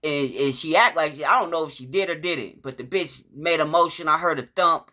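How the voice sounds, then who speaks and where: A man's voice: on the high side, a little fast. A man casually telling a story from his own life, profane and rambling, with a lot of restarts. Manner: profane, rambling, acts out shouts and quotes.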